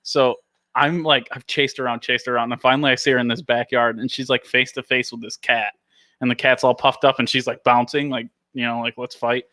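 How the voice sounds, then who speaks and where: A man's voice: mid-range voice, flat delivery, brisk, sharp tone, no room sound. A man hosting a casual podcast, telling a story with lots of laughter and animation. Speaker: podcast host.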